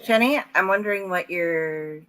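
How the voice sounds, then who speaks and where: A woman's voice: on the low side, moderate pace, a bit bright, clear, resonant tone, low-quality recording. A woman co-hosting, chatting casually and rambling with laughs. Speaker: co-host. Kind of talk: casual chat.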